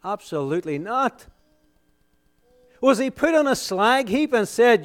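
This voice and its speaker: A man preaching a sermon, asking rhetorical questions and answering them emphatically, swinging between loud exclamations and hushed, solemn lines. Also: high-pitched, very animated, slow, long pauses.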